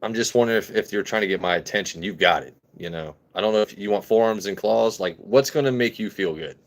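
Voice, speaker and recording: A man's voice: lowish voice, quick pace. A man hosting a casual whiskey-tasting live stream, joking and greeting viewers in chat. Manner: jokey, chatty, reads and greets chat. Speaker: livestream host reviewing whiskey.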